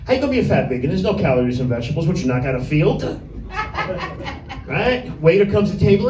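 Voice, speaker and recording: Brash and vulgar, a male comic rambles through a crude set aimed directly at a sparse crowd in a small comedy room, tossing in asides. He talks fast in a slightly high, very animated, warm voice. The audio is echoey, distant-miked, with a little hiss or hum.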